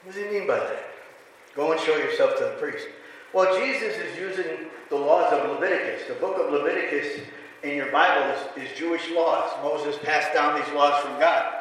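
A man preaching a sermon with a high, bright tone, rising into emphatic passages and throwing rhetorical questions at the congregation. The voice comes from a distance, ringing through a big reverberant hall with faint room noise underneath. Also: moderate pace.

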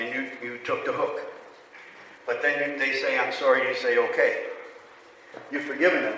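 Heard from a distance in an echoey hall with faint room noise, a man preaches to his congregation in a bright, forceful, mid-range voice. He poses rhetorical questions and builds toward emphatic passages.

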